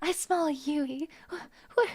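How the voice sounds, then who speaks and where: Picture a manic, sniffing fan squealing at the top of her range, breathless shrieks spilling out between giddy sighs, as a woman streamer puts her on. The voice climbs high and shouts in excited bursts. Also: slow.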